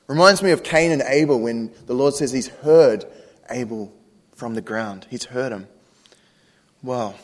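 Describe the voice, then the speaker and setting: New pastor preaching with reverb. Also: male voice, mid-range voice. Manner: conversational preaching with rhetorical questions. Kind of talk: sermon. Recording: long reverb.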